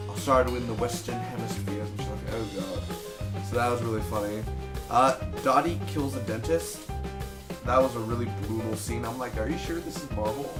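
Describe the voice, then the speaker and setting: A man's voice: mid-range voice, echoey room. Chatty man reviewing a TV episode. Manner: loose and chatty, retells scenes with quick quoted asides. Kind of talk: casual solo review.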